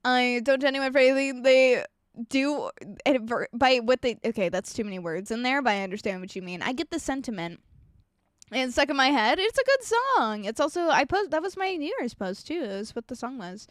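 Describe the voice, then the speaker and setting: Young woman streamer, high and dry-sounding, foul-mouthed and animated, reads her chat. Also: fairly quick, no echo. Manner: animated, swearing, ranting storyteller; reads and answers chat messages. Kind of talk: casual live-stream chat.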